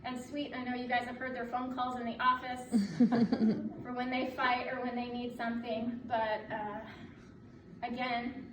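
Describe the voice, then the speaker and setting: In her late thirties, a military officer gives a candid, joking speech at her own promotion ceremony, laughing often. Her voice sits on the high side, yet her delivery is completely flat at a normal pace. The indoor room echoes, the mic is distant, and the background is noisy.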